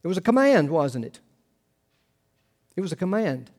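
A middle-aged male pastor preaching a sermon, earnest, rising to emphatic quotes and dropping to hushed asides. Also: sits high, big pitch swings, moderate pace.

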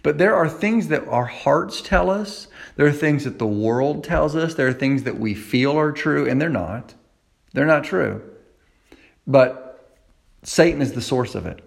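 A man's voice: on the high side, animated, a little slow, creaky. A man preaching a conversational sermon as a youth pastor, repeating key phrases for emphasis.

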